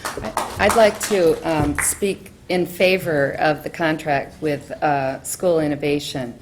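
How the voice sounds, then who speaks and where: A woman speaking in favor of a proposal during public comment at a school board meeting, earnest and measured. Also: sits low, background noise.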